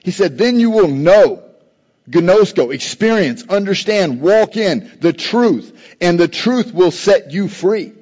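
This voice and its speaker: A man's voice: high voice, expressive, slow pace, a little mellow. A man preaching a sermon as pastor, earnest and building emphasis on scripture quotes. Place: church sanctuary. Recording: dull, long-reverb church recording.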